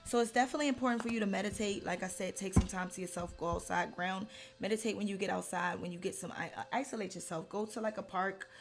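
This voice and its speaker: Earnest woman tarot reader, soft music. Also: medium pitch, quick pace. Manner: earnest, gets heated and emphatic. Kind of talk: casual tarot reading to camera.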